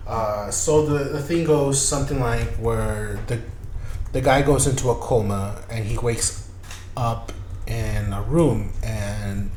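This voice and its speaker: A man's voice: medium pitch, slow pace, darkish tone, reverberant, a little hiss or hum. A man hosting a podcast, telling a strange story in loose, profane, repetitive casual chat. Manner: loose, profane, repeats himself. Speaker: podcast host.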